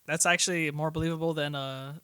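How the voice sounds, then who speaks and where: Hesitant man with a higher voice. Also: steady tone, a little fast, sharp tone, smooth. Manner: hesitant, stammering, many fillers. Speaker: podcast guest. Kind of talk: casual chat.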